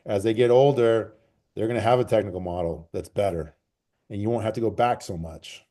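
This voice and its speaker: A man who coaches track and field, answering interview questions in a relaxed, rambling way and repeating phrases for emphasis. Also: on the low side, a little fast. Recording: call recording.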